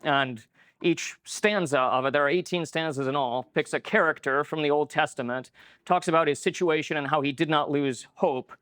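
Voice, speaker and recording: A man's voice: fairly high pitch, normal speed, a bit bright, no room sound, studio quality. A man giving a conference lecture in a conversational way, with many filler words. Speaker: conference speaker. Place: lecture room.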